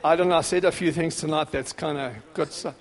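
A man preaching a sermon, dramatic, dropping to a hush and then rising to shouts. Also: fairly high pitch, fairly even intonation, a little fast. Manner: dramatic, swings between hushed and shouting. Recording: long hall reverb.

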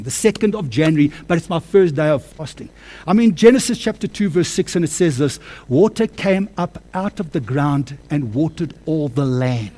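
A man preaching a sermon with personal testimony, calling listeners friends and child of God, moving from quiet storytelling to fervent shouting. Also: on the high side. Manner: swings from hushed to shouting with passion.

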